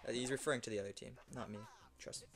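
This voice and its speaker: A young man giving loose, excitable commentary over his own gameplay, swearing and shouting at wins and losses. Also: mid-range voice, rapid-fire, music in the background. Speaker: gaming YouTuber.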